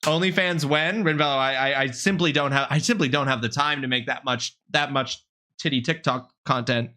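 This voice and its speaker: A man live-streaming, chatting with his viewers in a lively, mock-indignant way and swearing freely. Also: mid-range voice, normal speed. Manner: animated, mock-indignant, swears freely, talks straight to chat.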